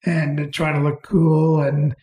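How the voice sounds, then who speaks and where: A middle-aged man, an interview guest, telling anecdotes in an unhurried way and chuckling as he goes. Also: fairly high pitch, level tone, warm tone, roomy sound. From Canada. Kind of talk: casual storytelling.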